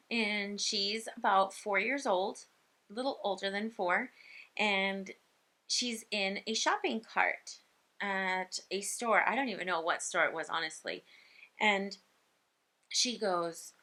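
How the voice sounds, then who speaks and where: A woman speech pathologist telling a story from her work in a casual, animated way. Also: mid-range voice, measured pace.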